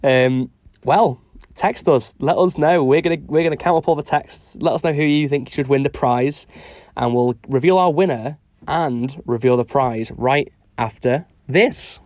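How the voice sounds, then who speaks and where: A man's voice: mid-range voice, unhurried, darkish tone, no room sound. Upbeat male radio host, dry studio sound. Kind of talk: comedy radio show presenting.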